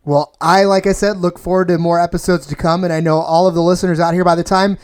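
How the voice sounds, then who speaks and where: A man's voice: sits high, fairly even intonation, fast, a little mellow, smooth. A man hosting a podcast interview, enthusiastic and full of praise, often restarting his sentences. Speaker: podcast host. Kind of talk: casual interview.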